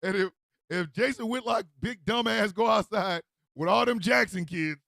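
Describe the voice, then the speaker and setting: A male radio host delivering an animated, comedic rant with frequent laughter. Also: high voice, normal speed, vocal fry, slight background noise. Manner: animated, loud, laughs often, acts out street calls.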